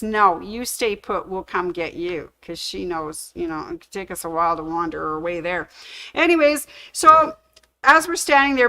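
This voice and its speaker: A middle-aged woman, chatting on her livestream and telling a long, animated story with quick shifts into other people's voices. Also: medium pitch, rough recording. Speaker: sewing shop livestream host.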